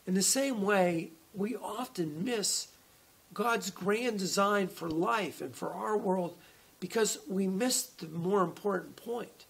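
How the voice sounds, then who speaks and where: A man's voice: sits high, creaky, slightly rough. A man preaching a conversational online sermon as a pastor, often restarting his phrases as he talks. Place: church.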